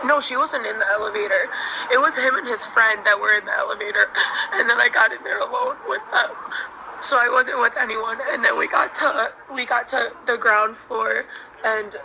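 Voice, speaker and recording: A tearful young woman describes to police what happened, her voice very bright and tense. There is a gravelly edge to it, with faint background noise. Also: a little high, lively intonation, moderate pace, rough recording. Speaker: victim speaking to police.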